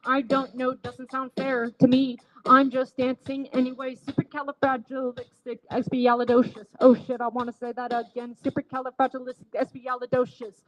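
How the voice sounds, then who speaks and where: A woman with a high voice hosts a casual live stream, reading out viewer comments and chatting back at them. Her pitch stays fairly level, with clear music playing behind her. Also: monotone, normal speed, hardly any pauses, a bit bright, poor audio. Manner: reads viewer comments aloud and answers them.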